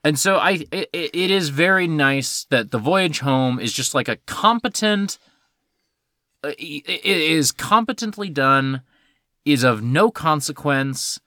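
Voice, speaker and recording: A man co-hosting a podcast talks casually about films with lots of swinging, lively pitch. His voice is bright and forceful, a little higher than most men's. He swears freely, laughs often and fills his talk with likes and ums. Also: unhurried, no room sound, studio quality. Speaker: podcast co-host. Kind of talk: casual film discussion.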